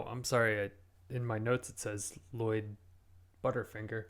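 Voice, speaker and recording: A man's voice: on the low side, flat delivery, measured pace, fairly bright tone. A man hosting a comic talk show interview, speaking hesitantly with frequent fillers.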